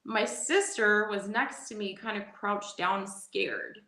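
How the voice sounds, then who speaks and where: A woman in her forties, a guest telling a personal story in a casual interview, animated and quick to laugh, often restarting her sentences. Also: mid-range voice. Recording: echoey room.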